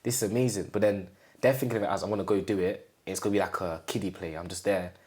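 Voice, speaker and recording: In a laid-back interview, a deep-voiced young man from England recounts something from his own life. His delivery is halting and repetitive, and he performs his relatives' quoted lines.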